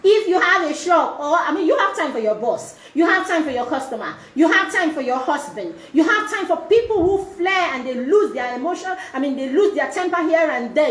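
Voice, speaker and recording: A woman's voice: sits high, lively intonation, normal speed, few pauses, roomy sound. A woman giving a live-streamed parenting talk as a mentor, repeating herself and checking in often with "okay?" and "right?". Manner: repetitive, checking in with frequent tag questions.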